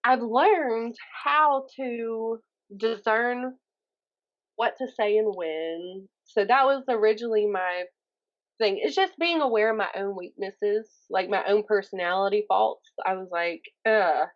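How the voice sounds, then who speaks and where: A young woman with a Southern accent from Mississippi, chatting as a podcast guest, animated and often laughing. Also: medium pitch, measured pace, highs cut off. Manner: animated, laughing, mimics others in quotes. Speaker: guest poet and YouTuber. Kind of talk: casual interview chat.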